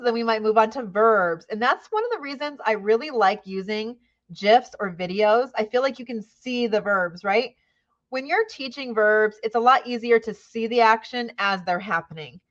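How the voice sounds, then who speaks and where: A woman's voice: on the high side, fairly bright tone, muffled recording. A woman teacher giving an upbeat training talk, often checking in with "right?" and acting out how she questions young students. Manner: upbeat, frequent "right?" tags, models classroom questioning.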